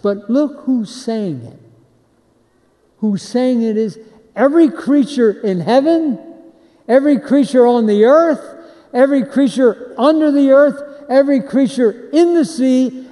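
A preacher, a man who speaks slowly and leads his congregation in repeated call-and-response lines. His voice sits high and mellow. A long reverb from a large hall trails behind each phrase. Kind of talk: sermon.

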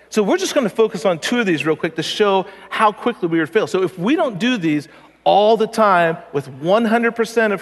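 A man preaching a conversational, joking sermon as a pastor. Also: sits high. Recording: long reverb of a large hall.

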